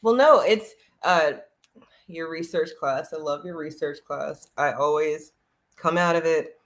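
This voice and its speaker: Man host, slow and measured, higher voice. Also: a bit bright. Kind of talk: casual conversation.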